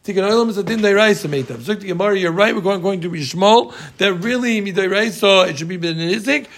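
A man teaching a Talmud class, animated and emphatic, repeating his points and teasing his students. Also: sits high, fast.

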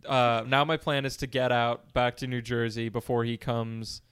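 Rambling anxious man with smooth voice. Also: medium pitch, little pitch movement, moderate pace, fairly bright tone. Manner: rambling, anxious, self-deprecating. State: congested. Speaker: podcast co-host. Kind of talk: casual chat. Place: room at home.

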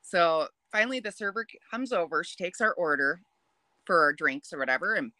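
A young adult woman telling a dating story on a podcast in a chatty, lively way. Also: on the low side, a little fast, no room sound. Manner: chatty, animated, laughs while telling. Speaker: podcast guest. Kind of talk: casual storytelling.

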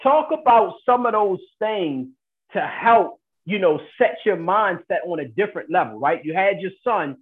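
A man hosting an interview, asking questions and encouraging his guest with quick affirmations. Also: high voice, animated, narrow, tinny audio. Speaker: podcast host. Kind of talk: conversational interview.

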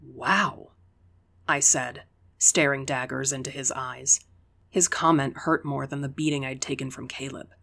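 An audiobook reader telling a first-person story at an even, unhurried pace. The reading is steady, with a voice sitting in the middle of the usual range. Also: medium pitch, gravelly. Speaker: audiobook narrator.

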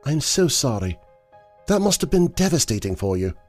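A man's voice: mid-range voice, big pitch swings, normal speed, darkish tone, no room sound, soft background music, voice pushed up. A man voicing a distraught young woman in a horror story, speaking in a tearful, quivering way. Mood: soft.

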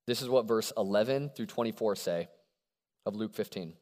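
A young adult man preaching a sermon to a college crowd, animated and conversational, often checking in with his listeners. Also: fairly low pitch, moderate pace. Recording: long hall reverb.

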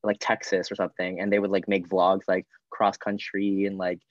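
A man's voice: low voice, completely flat delivery, moderate pace, no room sound. Chatty young man hosting a podcast. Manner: chatty, rambling, filler-heavy. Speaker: podcast host. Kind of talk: casual chat. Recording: dry, dull lo-fi sound.

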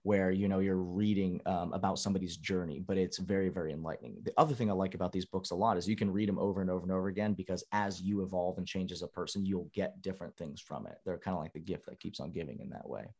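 Male podcast guest, low voice, earnest and reflective, casual chat. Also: fairly even intonation, fast talker, hardly any pauses, a little mellow. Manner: earnest, thoughtful explaining.

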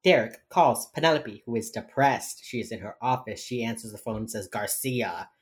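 A woman co-hosting a podcast, casually recapping a TV episode with animated storytelling and playful reactions. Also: extremely low pitch, fairly quick. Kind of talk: casual chat.

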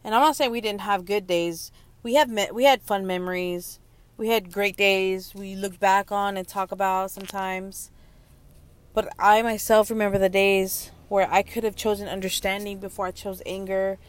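Emotional young mother, halting and teary. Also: mid-range voice, steady tone, smooth. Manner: halting, emotional, many restarts and pauses. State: close to tears. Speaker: young mother sharing her story. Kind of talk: candid personal monologue.

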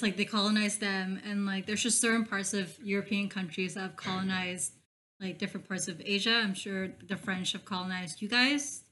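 A woman's voice: medium pitch, sharp tone. Chatty young woman, filler-heavy. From Philippines. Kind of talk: casual group chat.

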